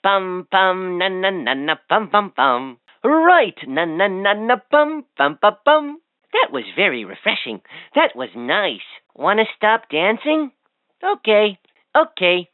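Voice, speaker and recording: A woman's voice: mid-range voice, dry recording. A woman voicing a cheerful, chatty talking toy that quizzes and teases a child in a playful sing-song. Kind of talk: toy voice lines. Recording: tinny, dry toy speaker audio.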